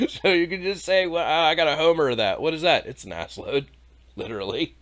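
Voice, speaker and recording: A man with a slightly high voice tears into scripture in an irreverent comedy podcast. He swears freely, turns sarcastic and laughs at his own jokes. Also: a little fast, a bit bright. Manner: reads scripture aloud then mocks it. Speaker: podcast host. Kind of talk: irreverent comedic Bible commentary.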